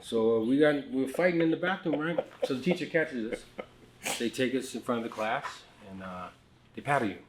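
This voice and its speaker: A middle-aged American man telling his life story candidly in a casual podcast conversation, with many fillers, restarts and quiet asides. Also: medium pitch, normal speed, a little hiss or hum. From United States.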